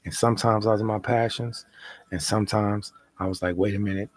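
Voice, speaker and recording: A man's voice: on the low side, steady tone, fairly quick, dry recording. A man leading a spoken prayer, chanting repeated invocations and confessing his faults. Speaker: prayer leader.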